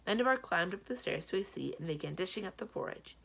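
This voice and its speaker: A woman's voice: on the low side, fast talker, creaky, breathy edge. A woman reading a children's novel aloud for a library, telling it expressively. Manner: expressive storytelling. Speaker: library reader. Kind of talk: children's book read-aloud.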